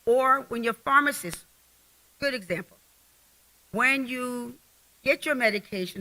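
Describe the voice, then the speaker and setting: A woman's voice: fairly high pitch, animated, moderate pace, pauses often, bright, forceful tone, poor audio. A middle-aged woman giving a casual health talk at a women's conference, talking straight to the audience in a folksy way.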